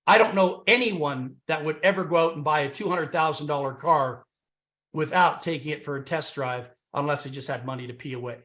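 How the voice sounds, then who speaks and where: A man pitching a business opportunity over a conference call boasts loudly and talks fairly fast, alternating shouted points with quiet asides. All that loud talking has left his voice slightly worn.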